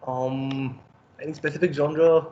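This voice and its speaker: A man's voice: a little high, fairly even intonation, unhurried, dark tone, lo-fi sound, slight background noise. A man answering as a podcast guest, hesitant and thoughtful, with many ums. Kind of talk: casual podcast chat.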